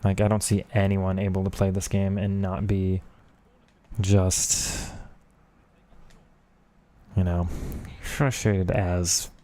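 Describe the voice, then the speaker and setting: A man's voice: low-pitched, completely flat delivery, slow, pauses often, mellow. A man streaming a football video game, talking casually and with frustration at the match while chatting with viewers. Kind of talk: casual gaming commentary.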